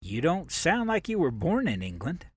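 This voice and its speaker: A man's voice: a little high, moderate pace, breathy edge, no room sound, pitched above the performer's own voice, full character voice. A man doing a terse young rider with a Southern drawl. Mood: guarded. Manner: terse, flat one-word answers. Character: quiet guarded young male express rider.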